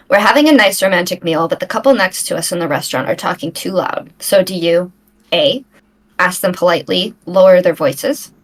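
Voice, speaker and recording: A woman playing a poised bachelorette, reading out questions in a measured way. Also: on the low side, slightly rough, rough recording. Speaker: contestant. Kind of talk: comedic improvised dating game.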